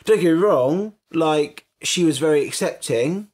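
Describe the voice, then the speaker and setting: A man co-hosting a casual podcast chat, playful and expressive, cracking jokes. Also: a little high, a little slow. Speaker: podcast co-host.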